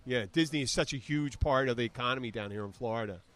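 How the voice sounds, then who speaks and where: A man's voice: mid-range voice, fast talker, fairly bright tone. A man in his fifties hosting a podcast in casual chat, rambling with restarts and fillers. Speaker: podcast host.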